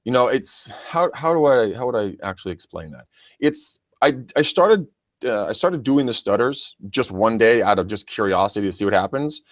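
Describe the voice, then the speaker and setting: A man's voice: medium pitch, expressive, normal speed, no room sound. A man coaching real estate agents in a casual podcast, chatty and full of restarts. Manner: chatty, stammering, addresses listeners as guys.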